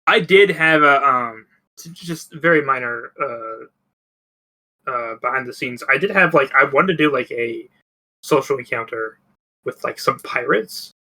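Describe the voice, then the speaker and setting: A man's voice: medium pitch, lively intonation, measured pace, pushed and bright, poor audio. A man running a tabletop game as game master, narrating loosely with many ums and restarts. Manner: rambling with many fillers.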